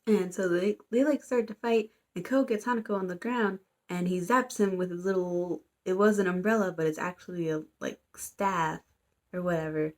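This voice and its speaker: A woman's voice: on the low side, normal speed, a little mellow. A young woman, a student, casually recapping a story in a chatty, rambling way full of fillers and playful quotes. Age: young adult. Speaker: student vlogger.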